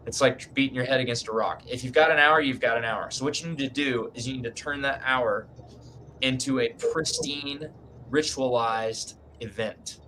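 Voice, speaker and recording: A man's voice: medium pitch, moderate pace, bright, forceful tone, a little hiss or hum. A man giving writing advice in a casual group video chat, emphatic and folksy, often tagging lines with "man", speaking from his home writing room.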